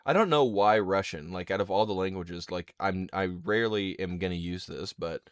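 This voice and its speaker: A man's voice: low voice, moderate pace, smooth, no room sound, studio quality. A man hosting a podcast in casual chat, telling stories in a laid-back way and acting out the dialogue. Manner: laid-back storyteller who acts out dialogue. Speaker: podcast host.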